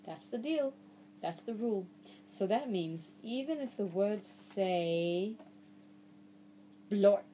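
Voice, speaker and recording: A woman's voice: mid-range voice, expressive, slow, pauses often, mellow, a little hiss or hum. A woman reading a children's book aloud to a child, playful and mock-exasperated, breaking into silly nonsense sounds.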